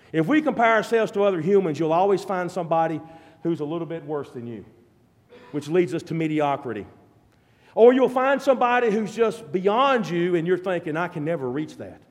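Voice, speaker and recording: Preacher guy, pretty high voice, gets loud and fired up then drops real quiet, big echoey hall. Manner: swings from loud fervent peaks to quiet low passages. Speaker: pastor. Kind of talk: sermon.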